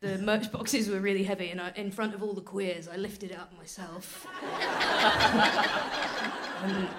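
A woman's voice: mid-range voice, level tone, measured pace. A woman co-hosting a live comedy podcast on stage, telling wry, self-deprecating stories. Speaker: podcast co-host. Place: theatre stage before a live audience.

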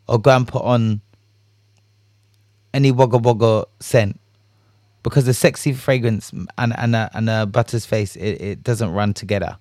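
Animated man chatting casually. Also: lowish voice, moderate pace, pauses often, no room sound, clean studio sound. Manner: animated, swears freely, laughs, acts out reactions. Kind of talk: casual solo chat.

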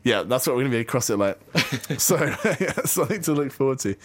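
A man's voice: medium pitch, expressive, brisk. A man co-hosting a podcast in casual chat, easygoing and wry, laughing along with his partner. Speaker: podcast co-host.

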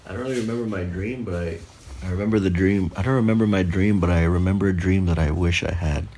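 Canadian male guest, deep low voice, soft rambling storyteller. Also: fast, slight background noise. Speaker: podcast guest. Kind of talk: casual chat.

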